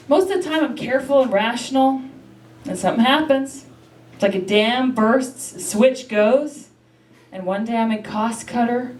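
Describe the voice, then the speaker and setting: A brash, self-mocking woman from Canada, performing a stand-up set on a comedy club stage and swearing freely. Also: fairly high pitch. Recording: echoey room from far off, loud noise.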